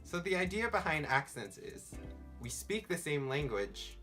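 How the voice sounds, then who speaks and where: In this vlog, a young Southern Californian rambles along, leaning heavily on "like" as filler. His voice is fairly high, sing-song, bright and forceful, moving at a measured pace over faint background music.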